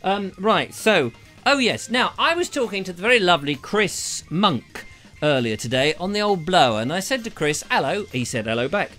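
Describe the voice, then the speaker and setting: A jokey man hosts a casual live stream in a high, animated voice. He rambles cheerfully from one pun to the next, and his tone is bright and forceful. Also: normal speed, faint music behind. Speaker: live show host.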